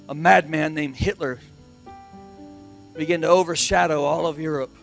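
A middle-aged man preaching a sermon as pastor, driving points home with emphatic repetition and swings from hushed to loud. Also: on the high side.

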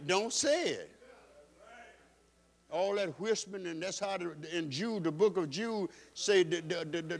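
A male pastor preaching a sermon in an emphatic style, repeating phrases for stress. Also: high voice.

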